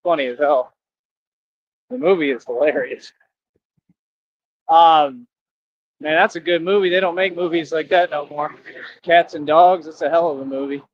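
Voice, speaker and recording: His voice sits on the high side, at normal speed with frequent pauses, as he livestreams outdoors near traffic. The man rambles in a preachy, repetitive way, asking viewers for donations during casual stream talk captured in dull lo-fi audio.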